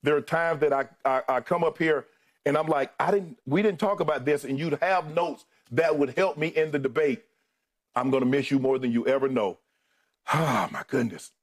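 A middle-aged man gives a heartfelt farewell on the air, naming colleagues one by one and holding back tears. His voice sits a little high for a man, and it stays emotional throughout. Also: moderate pace. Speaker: co-host saying farewell.

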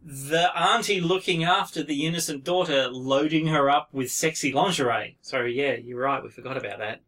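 Casual male co-host, bright, forward voice pitched a little high, animated and profane. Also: moderate pace. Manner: animated, laughs often, swears. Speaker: podcast co-host. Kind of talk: casual film review chat.

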